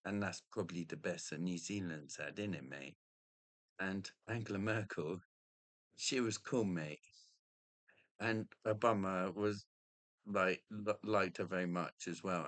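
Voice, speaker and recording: A man's voice: sits low, a bit bright, no echo. A middle-aged man, ranting in a rambling, profane monologue and tacking on "mate" again and again.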